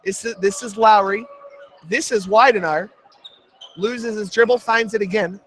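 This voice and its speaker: A young man doing jokey, rapid play-by-play commentary for a college radio basketball broadcast. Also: fairly bright tone. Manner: jokey, rapid play-by-play that jumps in pitch on big shots. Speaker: play-by-play announcer.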